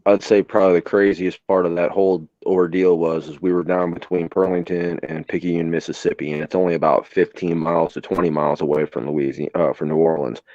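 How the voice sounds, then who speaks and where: A man's voice: sits low, fairly even intonation, a little fast, few pauses, mellow, no echo, muffled recording. A man, a host and former emergency responder, telling stories in casual live-stream chat, plainspoken and swearing freely. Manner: plainspoken, swears freely, acts out quoted voices.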